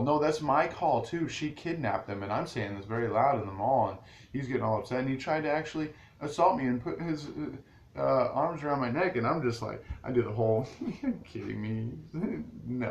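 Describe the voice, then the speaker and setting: A man's voice: medium pitch, brisk, creaky. A man vlogging straight to his viewers in a rambling, casual way, restarting his sentences often. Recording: echoey room with faint ambient noise.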